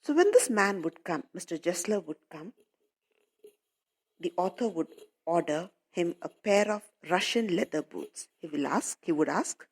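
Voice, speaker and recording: A woman teaching a literature lesson to young pupils. Her voice sits on the lower side, yet it rises and falls a lot as she goes. She explains patiently, repeating and rewording each line for the children. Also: animated, a little slow, breathy edge. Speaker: English teacher. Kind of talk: explaining a story to schoolchildren.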